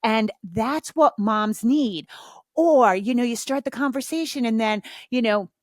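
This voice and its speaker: A middle-aged woman hosts her own podcast, chatting casually and bluntly and swearing freely. Her voice sits fairly high, and the recording is dry and close with no room sound. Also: measured pace, dry recording. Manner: frank, swears freely, acts out little dialogues. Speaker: podcast host. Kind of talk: casual solo podcast talk.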